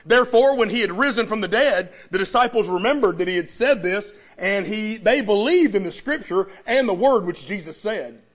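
High-pitched preacher guy, lively storytelling, keeps asking the congregation for an amen. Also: moderate pace, few pauses. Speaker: pastor. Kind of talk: sermon.

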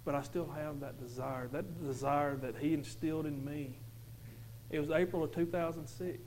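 A man with a fairly high voice telling his own testimony to a church crowd. He talks earnestly, restarting and repeating phrases as he goes. A faint hum sits under him. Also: fairly even intonation, moderate pace, a little mellow, low-quality recording. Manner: earnest, repetitive, emphatic with stumbling restarts. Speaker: father giving a church testimony. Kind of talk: personal testimony to a congregation.

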